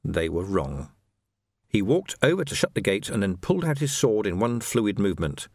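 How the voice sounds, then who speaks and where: A man reading a novel aloud as an audiobook narrator, with an expressive, shifting storytelling delivery. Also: fairly low pitch, moderate pace, dry recording, studio quality. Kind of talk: scripted narration.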